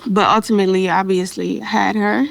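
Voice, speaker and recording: A young woman, chatting casually as an interview guest, relaxed and slangy, laughing often. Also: mid-range voice, brisk, creaky. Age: young adult.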